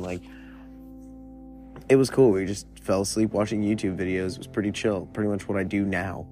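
A young man in his twenties with a lowish voice tells a personal story in a laid-back, rambling way. He swears freely and leans on fillers. Soft guitar music plays faintly behind him. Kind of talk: casual storytelling.

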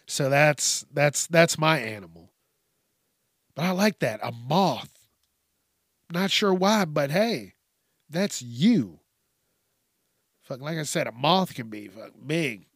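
A man's voice: a little high, lively intonation, slow, pauses often, no room sound, studio quality. A man hosting a casual solo podcast, talking loosely, swearing and drifting between topics with frequent restarts. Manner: frequent restarts and repeated words. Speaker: podcast host.

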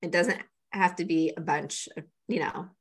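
A woman's voice: low voice, steady tone, moderate pace, breathy edge. A woman, a coach, casually explaining and demonstrating a tapping routine step by step, with plenty of fillers. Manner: conversational, walks through steps with many fillers. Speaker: energy coach guest.

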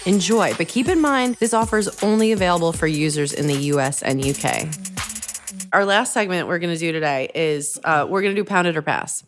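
A woman's voice: on the low side, a little fast, faint music behind. A woman hosting a podcast, blunt and teasing. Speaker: podcast host. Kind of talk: casual podcast chat.

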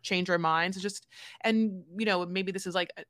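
A woman's voice: fairly low pitch, fairly even intonation, normal speed, a bit bright, dry recording, studio quality. A woman co-hosting a podcast, ranting emphatically about a reality show in casual chat and stretching out the words she stresses. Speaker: podcast co-host. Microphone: new close podcast mic.

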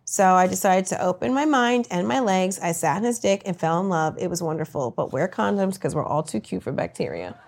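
A woman comedian answering rapid-fire interview questions with brash, crude, self-mocking punchlines. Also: fairly low pitch, expressive, creaky, darkish tone.

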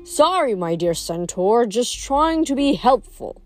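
Woman putting on a lazy sarcastic god guy, slow drawl, swoopy. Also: soft background music. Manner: drawling, mocking, lively pitch swings.

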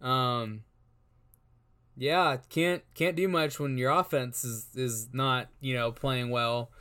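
A man's voice: mid-range voice, fairly even intonation, slow, pushed and bright. A man co-hosting a casual sports chat, rambling and repeating words as he works out his guesses. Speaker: co-host.

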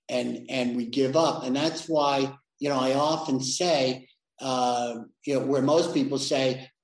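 Reflective man in an echoey room. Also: mid-range voice. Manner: reflective, many restarts and "you know". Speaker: interview guest, sales leader. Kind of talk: conversational interview.

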